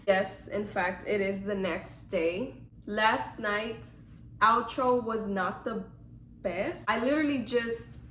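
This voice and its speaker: A woman's voice: medium pitch, a bit bright, slight background noise. A young woman chatting casually in a vlog Q&A, rambling through a story. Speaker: YouTuber. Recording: echoey room.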